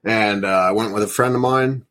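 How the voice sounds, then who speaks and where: A man co-hosting a podcast, chatting casually in a relaxed way and laughing easily. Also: fairly low pitch, normal speed. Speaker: podcast co-host. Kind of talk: casual chat.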